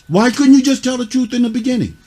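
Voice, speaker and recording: High-voiced middle-aged man as a tough mentor, scolding kids bluntly. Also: expressive, quick pace, darkish tone. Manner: scolding, repeats "huh?" and "you see what I'm saying"; blunt, curses. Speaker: youth mentor. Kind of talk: stern lecture to children.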